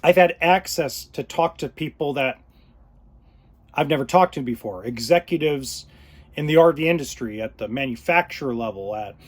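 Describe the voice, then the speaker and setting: A man hosting his own podcast, talking unscripted, choked up and pausing often. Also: medium pitch, lively intonation. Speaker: podcast host. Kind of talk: unscripted solo podcast talk.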